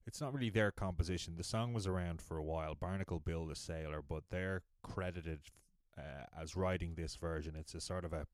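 Male podcast host, low voice, relaxed explainer, dry close recording. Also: fairly quick, dry recording. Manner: relaxed, explanatory, some fillers. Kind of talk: casual spoken introduction.

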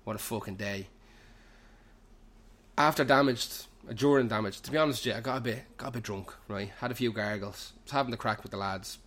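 A young Irish man with a Dublin edge and an ordinary mid-pitched voice, recorded in a pub as he hosts his show. He spins a loose, run-on comic story, cursing constantly and tumbling from one clause into the next. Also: a little fast, a bit bright. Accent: Irish, Dublin slang. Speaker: podcast host. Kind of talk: rambling comic anecdote.

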